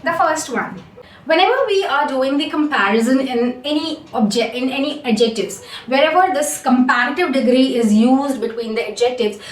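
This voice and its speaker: A woman with an Indian accent teaching phonics, switching between English and Hindi and slowly repeating sounds for learners. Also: high voice, roomy sound, recorded from a distance. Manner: slow, careful modelling of sounds. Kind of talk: online lesson mixing English and Hindi.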